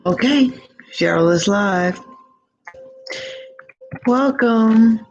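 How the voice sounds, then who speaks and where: A woman as a slow, gravelly live-stream tarot reader, gushing and affectionate. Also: a little high, lo-fi sound, slight background noise. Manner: gushing, affectionate, drawn-out words. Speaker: psychic reader.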